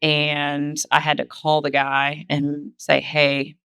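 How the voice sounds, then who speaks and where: A woman, a kettlebell athlete, talking through her career in a relaxed way with lots of fillers on a podcast. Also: sits low, slow pace, gravelly, clean tone, no room sound. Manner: laid-back storytelling with many fillers. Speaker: guest, kettlebell sport athlete. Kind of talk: casual podcast conversation.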